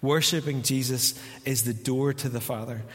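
Northern Irish pastor preaching in a reverberant hall. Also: male voice, mid-range voice, fairly even intonation, moderate pace, a bit bright. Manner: conversational preaching that acts out little dialogues. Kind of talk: sermon. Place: church hall. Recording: long reverb of a church hall.

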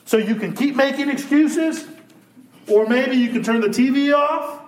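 A man preaching a sermon in a church, animated and shouting at times, then dropping to a hush. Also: very high voice, measured pace. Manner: animated preaching, swinging from loud to hushed. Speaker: pastor. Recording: echoey church room.

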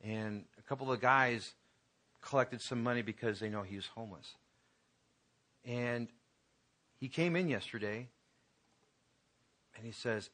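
A man's voice: medium pitch, unhurried, long pauses, fairly bright tone. A man pastor preaching a conversational sermon to his congregation, building to emphatic peaks.

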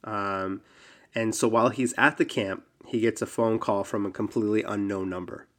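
A man's voice: on the low side, moderate pace. Laid-back man telling a story. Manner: relaxed storyteller, frequent ums and likes. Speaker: podcast host. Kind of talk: casual storytelling chat.

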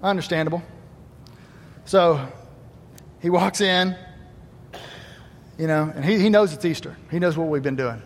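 A man with a high voice preaches in a church, animated, acting out the voices in his stories. His words ring with a long reverb through the big hall. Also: a little slow, pauses often, a little hiss or hum. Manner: animated, acts out quoted voices, swings between loud emphasis and quiet asides. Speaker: pastor. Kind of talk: Easter sermon.

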